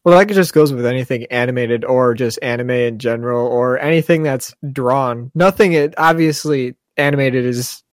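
A man co-hosting a podcast in casual chat, playful and joking with quick laughs. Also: medium pitch, no room sound, studio quality. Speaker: podcast co-host.

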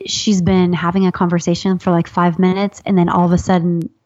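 Woman guest, lively storyteller, does the voices of people she quotes, laughs a lot, dry and slightly muffled sound. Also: on the low side, a little fast, no echo. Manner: animated, acts out quoted voices, laughs often. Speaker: guest author. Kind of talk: casual storytelling chat.

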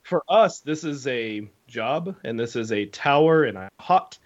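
A young man tells a long camp story on a podcast, loose and animated, full of "like" and "kind of." His voice sits in an ordinary middle register. The recording sounds a little dull and lo-fi. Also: mid-range voice, a little slow. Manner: animated storyteller, many fillers and acted quotes. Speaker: podcast co-host. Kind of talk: casual storytelling chat.

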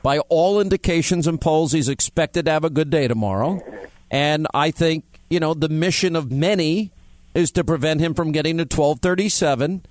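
A man's voice: a little high, moderate pace, darkish tone, dry recording. A man hosting a talk radio show, blunt and emphatic, teasing his callers. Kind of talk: talk radio, taking calls.

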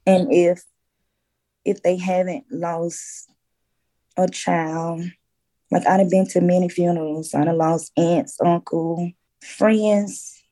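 Low, slow, mellow woman. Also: steady tone. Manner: slow, heavy-hearted, quiet. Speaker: guest. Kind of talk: candid conversation about grief.

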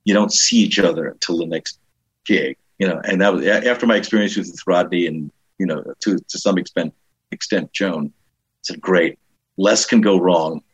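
Husky-voiced comedian telling road stories. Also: male voice, moderate pace. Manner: animated anecdotes, jumps high to act out quoted people. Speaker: comedian and author, guest. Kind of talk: casual storytelling interview. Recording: dull lo-fi sound.

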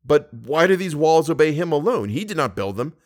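A man's voice: a little high, sing-song, fairly quick, voice pushed up. A man voicing an impatient young nobleman. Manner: urgent, pleading, raised. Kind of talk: audiobook character reading.

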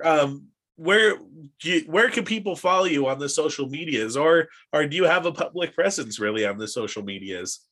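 A man hosting an interview, asking questions in a relaxed, appreciative way with occasional fillers. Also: mid-range voice. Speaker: podcast host. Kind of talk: casual interview chat.

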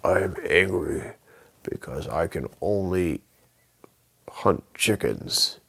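A man voicing a big, hurt, grumpy male Bigfoot who talks in a slow, gruff way. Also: sits low, lively intonation, a bit bright, no room sound, pitched above the performer's own voice, exaggerated voice. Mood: gruff, aggrieved.

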